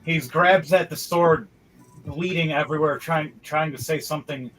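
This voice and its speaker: A man's voice: on the high side, fairly even intonation, moderate pace, a bit bright, slight background noise, poor audio. Man narrating as dungeon master over music. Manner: vivid, rambling narration with restarts. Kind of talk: narrating a tabletop game. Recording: music playing behind.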